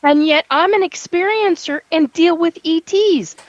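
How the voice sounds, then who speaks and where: A woman's voice: very high-pitched, measured pace, highs cut off. A middle-aged woman co-hosting a casual chat, telling stories and laughing often. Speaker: co-host.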